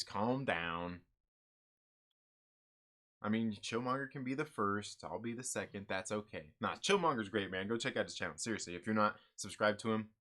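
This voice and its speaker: A man's voice: lowish voice, bright, forceful tone. A man hosting a comic book channel, chatting casually and answering viewer comments in an upbeat, rambling way with lots of fillers.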